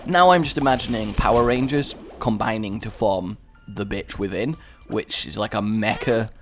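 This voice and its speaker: A young English man giving chatty, sarcastic let's-play commentary, rambling into asides and breaking into excited yelps. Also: fairly low pitch, normal speed, soft background music. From England. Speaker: gaming YouTuber.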